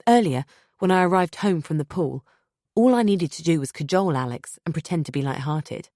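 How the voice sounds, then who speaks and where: Low female narrator, measured first-person audiobook read, dry close studio sound. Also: animated, dark tone, dry recording.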